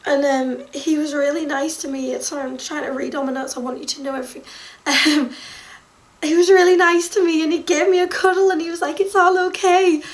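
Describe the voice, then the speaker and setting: High-voiced gushing young woman vlogger. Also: steady tone. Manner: gushing, breathless, quick laughs and squeals. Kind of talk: excited storytelling to camera.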